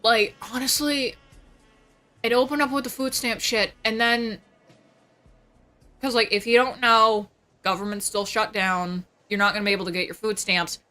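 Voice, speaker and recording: A young woman livestreamer venting in casual chat about family drama, swearing constantly and talking fast. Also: fairly high pitch, steady tone, bright, forceful tone, soft background music. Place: home.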